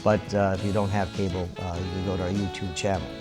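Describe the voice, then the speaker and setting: A man's voice: low-pitched, flat delivery, quick pace, music in the background. An older man hosting a local TV show, chatting casually and then reading book passages aloud with rising emphasis.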